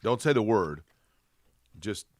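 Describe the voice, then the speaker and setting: A man's voice: fairly low pitch, animated, slow, no room sound, studio quality. A man co-hosting a sports podcast, easygoing and playfully fussy. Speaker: podcast co-host. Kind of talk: casual sports chat.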